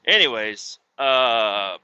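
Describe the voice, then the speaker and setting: A man's voice: mid-range voice, expressive, extremely slow, bright, forceful tone, smooth, no echo, highs cut off. A man hosting a podcast, telling a rambling, crude story in casual chat with lots of swearing. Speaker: podcast host.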